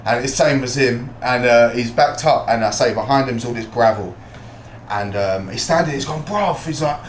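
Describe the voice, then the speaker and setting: A British man, a fighter and podcast guest, tells a street story with lively energy, swearing freely and acting out what people said. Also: mid-range voice, moderate pace, a little hiss or hum. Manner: swears freely, acts out quotes. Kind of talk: animated storytelling. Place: podcast studio. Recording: roomy echo.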